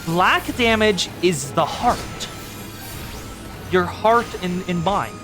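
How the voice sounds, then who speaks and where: A game streamer talks to chat in casual, rambling commentary, at a middling pitch. The talk skips between reactions to the game and long asides, with frequent restarts along the way. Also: lively intonation, slow pace, music in the background. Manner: chatty, rambling, addresses chat.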